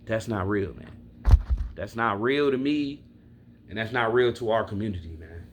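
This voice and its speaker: A man's voice: fairly low pitch, a little slow, slight background noise. Blunt, profane man venting to camera. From Milwaukee, Wisconsin. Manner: blunt, profane, talks straight to his viewers. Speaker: sports fan vlogger. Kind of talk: casual fan rant to camera.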